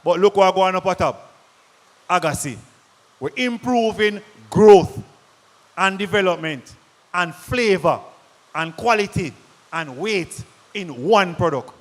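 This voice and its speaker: High-voiced Jamaican man pitching to a hall. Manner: energetic, quizzes the crowd with rapid questions. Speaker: product presenter at a farmers' forum. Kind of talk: lively sales presentation to a live audience. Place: large conference hall. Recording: long hall reverb.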